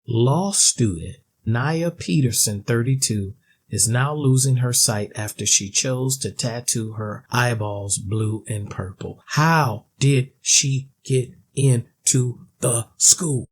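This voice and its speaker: A man's voice: medium pitch, slow, a little hiss or hum. A man ranting in a video commentary, blunt and sarcastic, with a mocking edge.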